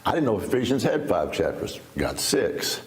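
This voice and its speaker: A man's voice: lowish voice, very animated, normal speed, echoey room. A man in his seventies from Texas, giving a personal testimony in a folksy, storytelling way, with laughs and restarts. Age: 70s. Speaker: interview guest. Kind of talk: personal testimony in a sit-down interview.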